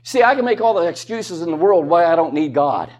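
A man's voice: a little high, animated, a little fast, darkish tone. A man preaching a sermon in a conversational way, with rhetorical questions and joking asides.

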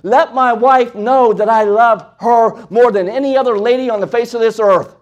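Preacher, male, high-pitched, impassioned sermon that drops to near-whispers. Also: fairly even intonation, moderate pace, muffled recording. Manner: impassioned preaching that swings from loud to hushed.

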